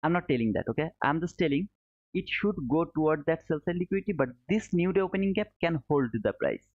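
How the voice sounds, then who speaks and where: A man's voice: on the high side, animated, fast. A man teaching trading live, walking through charts step by step, repeating key points and calling his viewers brother. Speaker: trading educator streaming live. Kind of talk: live chart commentary answering chat. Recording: narrow phone-like audio.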